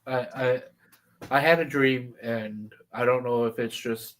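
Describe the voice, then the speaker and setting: A man's voice: medium pitch, fairly even intonation, measured pace, fairly bright tone. A man co-hosting a casual podcast, speaking hesitantly as he thinks aloud. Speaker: co-host.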